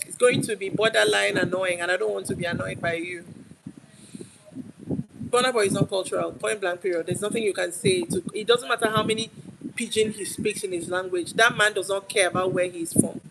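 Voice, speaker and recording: A woman's voice: mid-range voice, creaky, background noise. A young Nigerian woman with a Nigerian accent, ranting on a live stream in an emphatic, argumentative way and hammering her points home. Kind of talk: heated live-stream rant.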